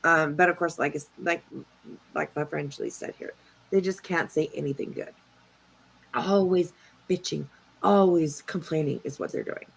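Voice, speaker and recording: A woman's voice: low-pitched, normal speed, gravelly, slightly rough, rough recording. A woman reacts to online drama with a sarcastic, scolding tone, swearing freely. She talks casually and directly to the people in the clips. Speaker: commentary channel host. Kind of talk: reaction commentary.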